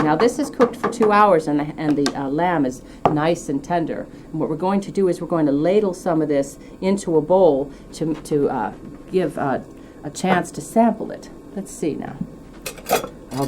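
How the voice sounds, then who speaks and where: A woman's voice: sits low, moderate pace, background noise. A woman hosting a cooking show, demonstrating a dish in a chatty, enthusiastic way with light teasing.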